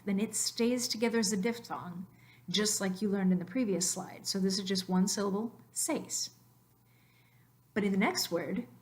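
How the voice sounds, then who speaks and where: A woman narrating a slide lesson on Spanish phonetics, explaining patiently and slowing down to stress key words. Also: medium pitch. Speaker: Spanish teacher.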